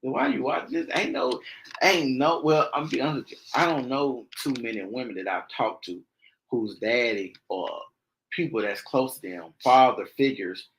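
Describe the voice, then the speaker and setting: A young man telling a personal story on a podcast in loose, casual speech. He is animated and slips into raised voices to act out the people he quotes. His voice sits at an ordinary middle pitch. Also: moderate pace, poor audio. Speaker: podcast host.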